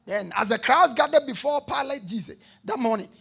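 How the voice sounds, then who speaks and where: A man preaches a sermon in a very high, gravelly voice with a husky edge. He reads scripture aloud, calls on the congregation to repeat after him, and rises to shouts at the peaks. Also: expressive, brisk. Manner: call-and-response, shouting at peaks.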